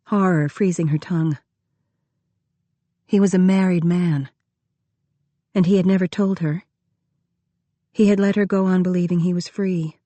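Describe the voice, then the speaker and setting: A woman narrating an audiobook in a measured, expressive reading. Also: on the low side, no room sound. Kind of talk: scripted narration.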